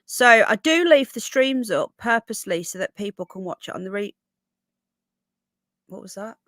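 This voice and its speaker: A woman's voice: a little high, very animated, fairly quick, fairly bright tone, no room sound. A woman hosting a casual live stream from home, chatty and rambling, often restarting her sentences. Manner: chatty, rambling, self-interrupting. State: coughing. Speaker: livestream host. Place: home room.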